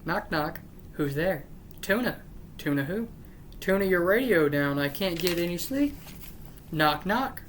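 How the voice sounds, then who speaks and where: A woman hosting her channel reads jokes aloud one after another, sounding unimpressed and breaking off to grumble that they aren't funny. Her voice is on the low side and fairly bright, with slight background noise.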